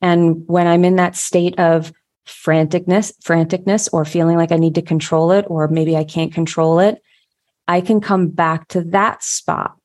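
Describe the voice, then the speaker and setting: A woman's voice: fairly low pitch, flat delivery, moderate pace, darkish tone. A woman, the show's host, telling a personal story in a casual conversation, heartfelt and full of restarts.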